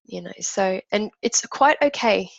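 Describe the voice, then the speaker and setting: A woman's voice: medium pitch, animated, unhurried, creaky, no echo, lo-fi sound. A woman teaching an emotional technique, talking through imagined inner voices in an earnest, reflective way. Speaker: emotional wellbeing coach.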